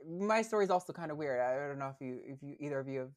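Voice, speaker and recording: A woman's voice: low voice, animated, racing. A young adult woman, a podcast guest, chatting casually with lots of fillers and restarts. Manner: hesitant, many fillers and restarts. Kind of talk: casual interview chat.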